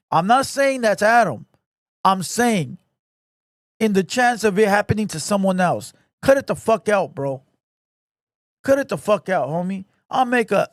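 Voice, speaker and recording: High-voiced man ranting profanely. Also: no echo, clean studio sound. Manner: profane, confrontational, repeats 'bro'. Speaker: channel host. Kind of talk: ranting commentary.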